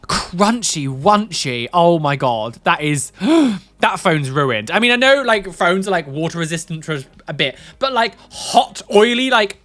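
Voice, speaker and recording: A woman's voice: on the low side, sing-song, normal speed, few pauses, fairly bright tone. A young woman giving rambling, chatty reaction commentary on video clips.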